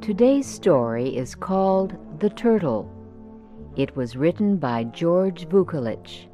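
A woman announcing a radio story program in a slow, clear manner. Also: on the low side, big pitch swings, over music. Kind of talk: scripted radio introduction.

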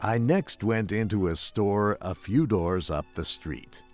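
A man narrating a story slowly and clearly for English learners, in a measured, carefully enunciated way. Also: fairly low pitch, lively intonation, over loud music.

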